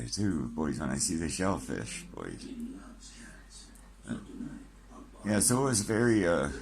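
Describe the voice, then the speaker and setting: An older man, short of breath, talking casually to camera and joking wryly about dying. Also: rumbling low. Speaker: vlogger.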